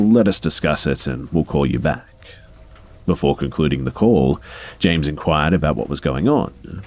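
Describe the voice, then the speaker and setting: Very deep-voiced male story narrator. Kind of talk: scripted first-person story narration over gameplay.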